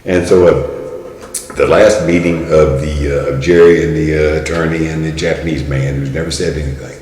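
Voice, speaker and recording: A man's voice: a bass voice, fairly even intonation, normal speed, a little mellow. A man in his sixties from Kentucky, a guest telling stories in a rambling way with many fillers and restarts. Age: 60s. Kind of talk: storytelling in casual talk. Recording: roomy hall with long reverb, faint noise.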